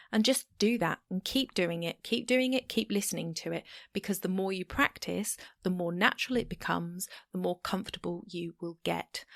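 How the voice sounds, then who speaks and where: A woman's voice: fairly low pitch, gravelly, fairly bright tone, no room sound, clean studio sound. A woman hosting a solo podcast, talking straight to the listener in a chatty, encouraging way. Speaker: podcast host. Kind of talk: solo podcast advice talk.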